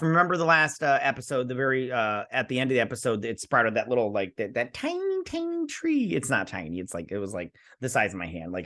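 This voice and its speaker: Bright-voiced sassy man rambling through a review. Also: mid-range voice. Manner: rambling, sassy, acts out characters' lines. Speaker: show reviewer host. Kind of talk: casual episode recap and review.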